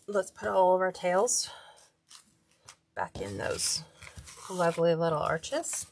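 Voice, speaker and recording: A woman's voice: fairly low pitch, big pitch swings, takes it slowly, gravelly, slight background noise. A woman hosting a hands-on craft tutorial, chatting casually and talking to herself as she works. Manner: chatty, talks to herself while working.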